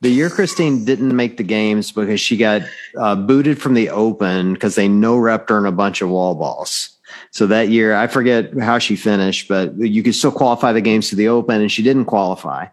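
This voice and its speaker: A middle-aged man hosting a podcast, chatting in a relaxed, storytelling way. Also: lowish voice, normal speed. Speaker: podcast host. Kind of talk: casual podcast chat.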